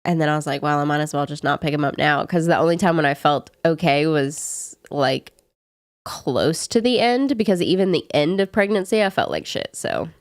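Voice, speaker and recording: A woman's voice: low voice, lively intonation, normal speed, no echo. Rambling Southern woman streamer, dry close sound. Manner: chatty, rambling with frequent "like" fillers. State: sick. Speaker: live streamer. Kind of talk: casual chat answering viewers.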